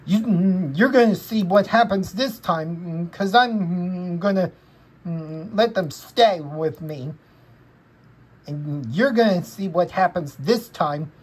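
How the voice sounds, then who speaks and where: A woman's voice: medium pitch, fairly even intonation, slow pace, hardly any pauses, breathy edge, pitched above the performer's own voice, rough recording. A woman voicing Linus as a cross, stubborn young boy in amateur fan storytelling. She scolds angrily with many hesitant "mm" fillers. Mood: angry.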